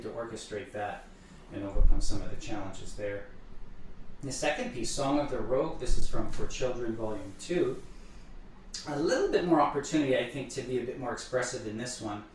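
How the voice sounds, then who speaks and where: A man explaining piano music as a teacher, thoughtful and unhurried, sometimes stumbling over repeated words. He sits back from the mic, so his voice carries a strong room echo with a faint hum behind it. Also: mid-range voice. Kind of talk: explaining piano repertoire between playing. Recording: echoey room, voice far from the mic.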